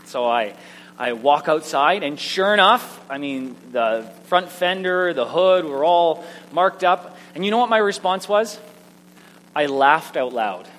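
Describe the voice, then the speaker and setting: A man preaching a sermon, telling personal stories in an animated, self-mocking way. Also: a little high, unhurried. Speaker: pastor. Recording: echoey hall with faint hum.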